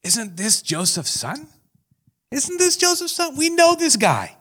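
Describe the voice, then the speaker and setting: Amazed small-town gossiper, male, voice jumping high with disbelief, put on by a preaching man. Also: big pitch swings, unhurried, a bit bright, full character voice. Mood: astonished. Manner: high, exclaiming. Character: astonished hometown villagers, male, gossiping.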